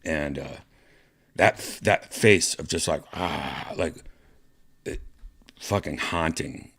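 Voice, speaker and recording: Deep-voiced man rambling through a story. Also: slow, gravelly, fairly bright tone, husky. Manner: rambling, profane, many fillers and restarts. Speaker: podcast host. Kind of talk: casual storytelling monologue.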